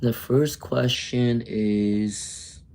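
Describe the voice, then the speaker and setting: A man's voice: medium pitch, steady tone, extremely slow, vocal fry, a little mellow. Chatty man reading tarot live. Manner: chatty, answers viewers by name, mutters while searching. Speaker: tarot reader hosting a live stream.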